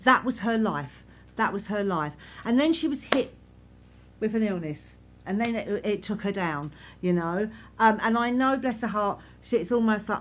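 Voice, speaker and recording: A woman serving as a spiritualist medium, speaking softly and reassuringly to a congregation in a church, repeating herself often. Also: mid-range voice, expressive, moderate pace. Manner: gentle, reassuring, repetitive, many "you know"s. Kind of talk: giving spirit messages to a congregation.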